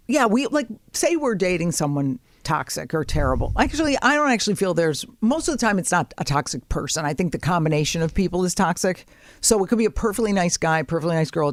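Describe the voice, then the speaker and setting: A woman's voice: lowish voice, dry recording, studio quality. Brash, swearing woman podcast host. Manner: brash, profane and quick to laugh. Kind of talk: casual comedic chat.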